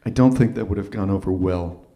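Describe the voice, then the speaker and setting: A man's voice: low-pitched, fairly quick, background noise. A man telling a personal story at a live open-mic event, conversational and self-deprecating, often restarting his phrases.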